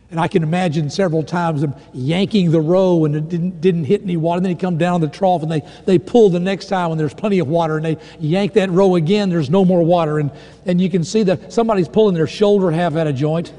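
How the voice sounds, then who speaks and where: A man preaching a sermon, telling the story with drama, swelling loud and dropping to hushed lines. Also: sits high, big-room sound.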